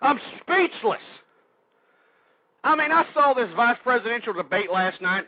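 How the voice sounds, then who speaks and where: A man's voice: very high-pitched, expressive, a little slow, no room sound. A male radio host ranting angrily at his listeners, insulting them and calling them folks. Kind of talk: talk radio rant. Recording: dry, muffled internet radio stream.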